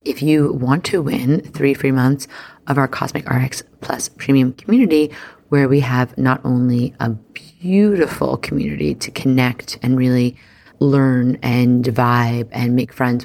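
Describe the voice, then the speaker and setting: A woman hosting a podcast talks on her own in a bubbly, slangy, chatty way. Her voice carries a steady vocal fry that crackles at the ends of her phrases. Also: extremely low pitch, a little slow. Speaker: astrology podcast host. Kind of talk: casual solo podcast monologue.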